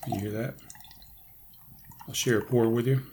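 A man's voice: medium pitch, fairly even intonation, normal speed, a little mellow, a little hiss or hum. A man hosting a podcast as a casual livestream from home, rambling and correcting himself and laughing at his own slips. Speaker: podcast host. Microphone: headphones and camera, live stream.

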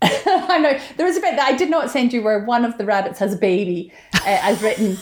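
A woman in her forties talks as a guest, chatty and quick to laugh at herself. Her voice sits at an ordinary middle pitch. The recording has a roomy echo around it. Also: noisy background. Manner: chatty, self-deprecating, laughs often. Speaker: interview guest, novelist. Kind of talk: casual chat.

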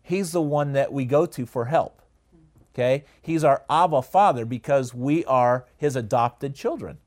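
A man teaching a Bible study in a conversational way, often asking the listeners questions and pausing on "uh". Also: mid-range voice, a little mellow. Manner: conversational, asks the audience questions, frequent uh fillers.

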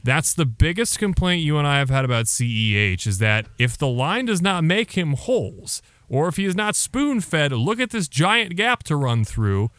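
A man co-hosting a casual sports podcast, chatty and animated. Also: a little high, moderate pace, few pauses, no room sound. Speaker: podcast co-host.

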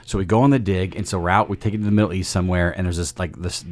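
A man's voice: low voice, fairly even intonation, racing, darkish tone. A man hosting a casual faith discussion, explaining step by step with homespun analogies and often restarting his sentences mid-thought. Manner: frequent self-interrupting restarts.

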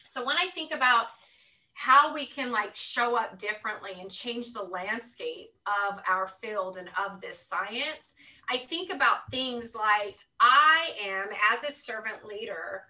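A woman's voice: fairly high pitch, lively intonation, unhurried, pushed and bright, far from the mic, low-quality recording. A woman guest on an interview podcast, speaking earnestly and thinking aloud, often checking in with "right?". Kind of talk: reflective conversational interview talk.

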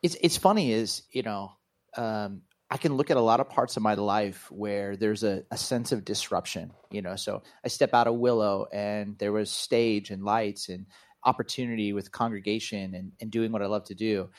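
A man's voice: lowish voice, fairly even intonation, normal speed. A man who is a pastor and author, talking earnestly and reflectively as an interview guest. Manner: earnest, reflective, speaks in spiritual terms. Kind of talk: reflective conversation.

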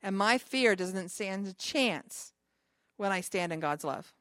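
A woman's voice: mid-range voice, expressive, slow, a bit bright, no room sound, studio quality. A woman pastor giving an informal sermon to a small group, talking conversationally with chatty asides between scripture readings.

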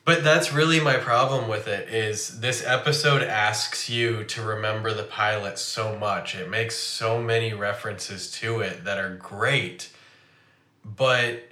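A man's voice: lowish voice, fairly even intonation, measured pace, bright, forceful tone, roomy sound. A young man co-hosting a podcast in casual chat, with a dry, critical manner. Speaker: podcast co-host.

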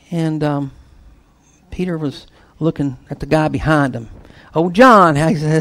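A man with a notably high voice preaches, telling a story with lively swings in force. He leaps to loud bursts, then drops into hushed, near-whispered lines. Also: normal speed, gravelly. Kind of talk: storytelling sermon.

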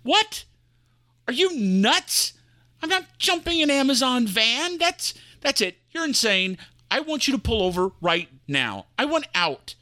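A man voicing a nervous, incredulous rideshare passenger in a high, jittery voice, recorded close and dry. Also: sing-song, normal speed, few pauses, sharp tone, dry recording, full character voice. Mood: panicked.

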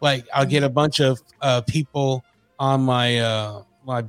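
A man's voice: mid-range voice, measured pace, clear, resonant tone, soft background music. A man co-hosting a morning talk show, telling stories in loose, profane casual chat. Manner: profane, animated storyteller.

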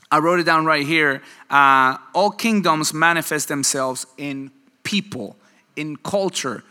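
A male pastor preaches a loose, conversational sermon, pulling his congregation into quick exchanges. His voice is a little high, bright, and forceful. The audio carries a long reverb from a large church hall.

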